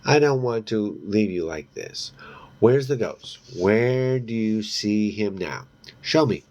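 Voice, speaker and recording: A man reading aloud, voicing a flustered, worried teenage boy who urges his girlfriend to calm down. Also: on the low side, slow pace, muffled recording. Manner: anxious, urging.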